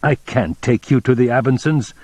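A man's voice: medium pitch, moderate pace, a little mellow, no echo, voice pushed up, natural voice. A man reading an audiobook voices a tense, desperate man who speaks urgently and pleadingly.

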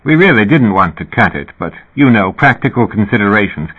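A man's voice: lowish voice, sing-song, a little fast, slightly rough. A man voicing a genial, amused male musician with a slight British accent and a twinkling, lilting manner. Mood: chatty. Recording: tinny phone-like audio.

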